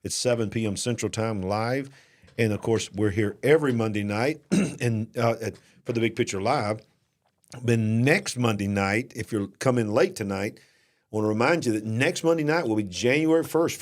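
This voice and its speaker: A man's voice: mid-range voice, moderate pace. A man with a Southern US accent co-hosting a live-stream show, talking in a folksy, emphatic way and repeating himself for stress.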